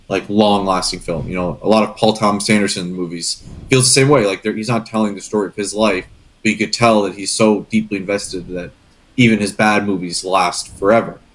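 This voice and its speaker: A young man chatting casually on a podcast, earnest and rambling, getting emotional as he talks. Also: fairly low pitch. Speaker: guest co-host.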